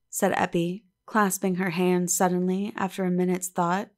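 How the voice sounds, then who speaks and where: A woman reading a classic novel aloud in measured, calm scripted narration. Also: fairly low pitch. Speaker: audiobook narrator.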